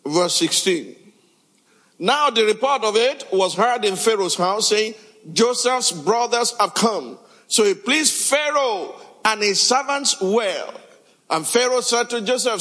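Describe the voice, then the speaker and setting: A man preaches a sermon in a high, bright register. He reads scripture aloud, then turns to his listeners with pointed questions. His voice carries a long hall reverb. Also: expressive, slow, pauses often. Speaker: pastor.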